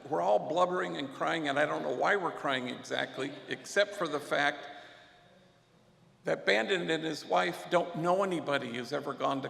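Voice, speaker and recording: Man, priest, earnest story speech, slightly high voice, roomy hall reverb. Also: creaky, a bit bright. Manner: earnest, sprinkles Spanish phrases. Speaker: priest and guest speaker. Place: large banquet hall.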